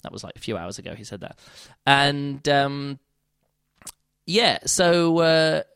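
A man's voice: sing-song, slow, creaky, fairly bright tone, clear, resonant tone, dry recording, clean studio sound. A man hosting a podcast, casually reviewing a book in a rambling, enthusiastic way, full of fillers and restarts. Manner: enthusiastic, rises in pitch for quoted reactions. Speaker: podcast host reviewing books.

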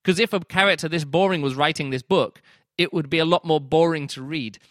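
A man's voice: on the high side, brisk, a bit bright, no room sound, studio quality. A man hosting a podcast, giving a casual spoken book review and acting out his own reactions in quoted asides. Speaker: podcast host reviewing books.

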